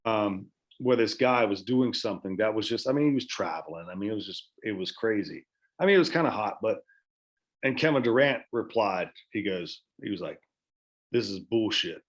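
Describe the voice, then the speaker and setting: A man's voice: on the low side, expressive, brisk. A man chatting casually as a podcast guest, rambling with many restarts and swearing freely. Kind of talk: casual chat.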